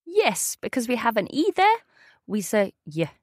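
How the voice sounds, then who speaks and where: A Swedish woman with a Swedish accent teaches her language in a close, dry recording. Her voice sits a little high and moves up and down a lot. She encourages the learner and says each word clearly. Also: huge pitch swings, normal speed, darkish tone, no echo. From Sweden. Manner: encouraging, models words clearly. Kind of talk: conversational language lesson.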